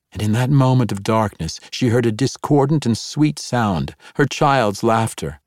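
A man narrating a dark fantasy audiobook in a measured storytelling manner. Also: fairly low pitch, no echo, clean studio sound.

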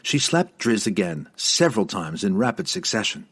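A man reading a fantasy novel aloud as an audiobook narrator, in an expressive, dramatic way. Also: fairly low pitch, moderate pace, breathy edge.

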